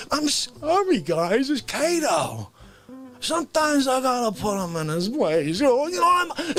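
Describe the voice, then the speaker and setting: A shrill, manic older man barks demands and rambles on, as a man puts him on, his voice leaping all over the place. He is a bossy comic loudmouth with a slow, dragging delivery and a high, strained pitch. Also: heavily acted.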